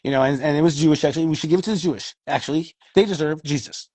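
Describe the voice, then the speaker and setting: A man co-hosting an astrology talk show in casual chat, talking in an animated way, swearing freely and acting out what people say. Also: a little high, very fast, husky, dry recording. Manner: animated, swears freely, acts out quoted voices.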